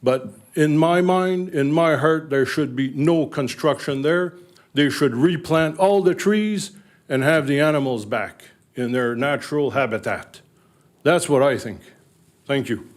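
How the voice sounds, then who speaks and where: A retired man in his sixties with a Northern Ontario accent, giving an emotional, halting public comment at a council meeting. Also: on the high side. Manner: emotional, halting, repeats words. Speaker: resident speaking at council meeting.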